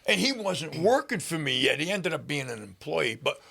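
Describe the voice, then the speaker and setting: An older man, a podcast guest, telling a story in casual talk with lots of swearing and animated delivery. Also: fairly high pitch, normal speed, creaky, slightly rough.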